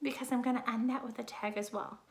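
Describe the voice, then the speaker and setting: A woman's voice: a little high, steady tone, fast, creaky. A woman teacher giving a recorded online grammar lesson, explaining patiently step by step.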